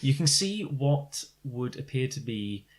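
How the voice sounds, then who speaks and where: A man's voice: medium pitch, big pitch swings, unhurried. A man narrating as game master of a tabletop game, describing scenes with many fillers and restarts. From Britain.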